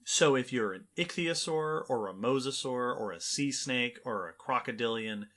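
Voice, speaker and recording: A man's voice: mid-range voice, normal speed, a bit bright. A man co-hosting a science podcast, playful and explaining things step by step. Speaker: podcast co-host.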